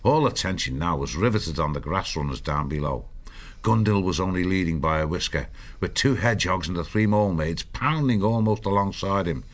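Deep-voiced man narrating a storybook. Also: fairly quick. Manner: steady storytelling delivery. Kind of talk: audiobook narration.

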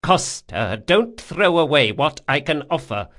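A man's voice: a little high, very animated, a little slow, fairly bright tone, pitched above the performer's own voice. A man voicing a shaken old male ruler in an audiobook, pleading in a strained voice.

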